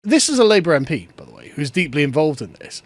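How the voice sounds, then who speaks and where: A man's voice: on the high side, very animated, quick pace, dry recording. A man giving sarcastic solo political commentary, ranting and laughing often as he talks.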